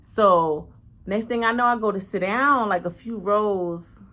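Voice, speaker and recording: A woman tells a personal story casually. She talks frankly and slangily, swears freely, and acts out each person's lines. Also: unhurried. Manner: animated, acts out every voice with big pitch swings. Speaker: channel host.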